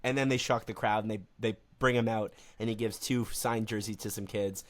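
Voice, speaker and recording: A man's voice: fairly low pitch, fairly even intonation, a little fast. Easygoing man telling a sports story. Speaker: podcast co-host. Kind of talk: casual sports chat.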